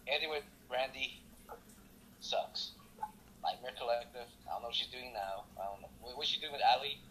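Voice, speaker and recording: A man with a mid-range, bright and forceful voice gives blunt opinions in a relaxed chat. A faint background hum sits under his speech. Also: medium pitch, moderate pace, pauses often, rough recording. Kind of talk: casual wrestling chat.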